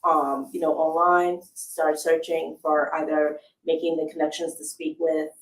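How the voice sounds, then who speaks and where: A woman's voice: low voice, flat delivery, unhurried, slight background noise. A woman voice actor talking casually in an interview, chatty and laughing often. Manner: chatty, laughs often, says "you know" a lot. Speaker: voice actor guest. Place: live event in a house. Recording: echoey room, distant mic.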